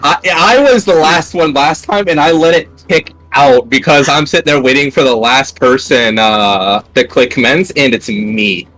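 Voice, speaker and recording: A man from Ohio leading a game raid over voice chat, giving clear instructions and laughing easily. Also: mid-range voice, moderate pace, hardly any pauses, fairly bright tone, poor audio. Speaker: raid leader. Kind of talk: gaming voice chat.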